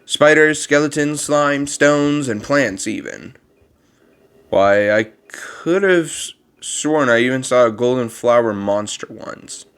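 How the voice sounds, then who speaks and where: A man gives voice to a kindly old male monster who watches over a child, reading game dialogue in a strained, put-on voice that is clear and resonant. In his mid-range, he takes it slowly with lively intonation; the monster rambles in a gentle, formal, wistful way.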